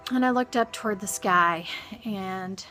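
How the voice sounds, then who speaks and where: A grieving woman recounting a personal experience in a halting, soft-spoken monologue full of pauses and restarts. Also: medium pitch, soft background music. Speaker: vlogger.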